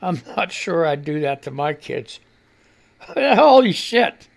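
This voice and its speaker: Man, radio host, casual rambling chat, laughs often, lively swinging pitch, from Missouri. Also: slow pace, vocal fry. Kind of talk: casual live-stream chat reading social media posts.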